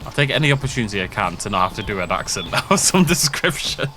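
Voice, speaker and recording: A man's voice: lowish voice, big pitch swings, quick pace, pushed and bright, slight background noise. A man giving casual gameplay commentary, joking and poking fun at himself. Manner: joking, self-mocking. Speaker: let's play gamer.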